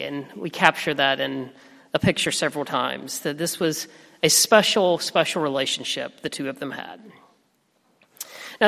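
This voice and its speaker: A man in his thirties preaching a sermon as pastor, telling a family story in a gentle, reflective way. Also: a little high, gravelly. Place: church sanctuary. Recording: reverberant sanctuary.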